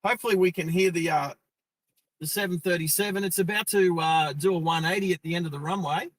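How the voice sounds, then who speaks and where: An Australian man hosting a driving live stream from a car, talking into his phone in a casual, excitable way. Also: sits high, quick pace, dry recording, rough recording. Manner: chatty, excitable narration of what he sees. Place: parked car.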